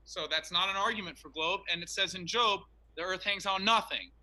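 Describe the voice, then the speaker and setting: A man's voice: high voice, brisk, pushed and bright, rough recording. A man in an online debate, talking in an emphatic, preachy way over a remote call.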